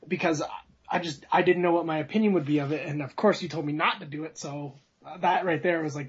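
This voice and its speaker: A man's voice: on the high side, fairly even intonation, fairly quick, husky, highs cut off. A man who is a guest on a podcast, calling in over a video call and telling rambling stories with some laughs.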